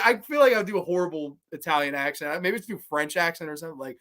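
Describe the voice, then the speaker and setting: A man hosts a horror movie show and rambles through his opinions with plenty of swearing and enthusiasm. His voice is bright and forceful, pitched a little high for a man. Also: fast talker, hardly any pauses. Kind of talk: casual film review talk.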